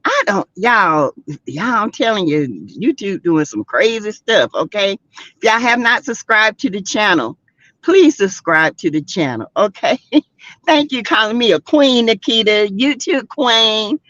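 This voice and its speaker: A woman's voice: medium pitch, measured pace, no echo. A middle-aged woman, hosting a casual gossip livestream and chatting straight to her viewers. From South Carolina, US. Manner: animated, exclaims, talks straight to the chat. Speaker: livestream host. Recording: dull lo-fi stream audio.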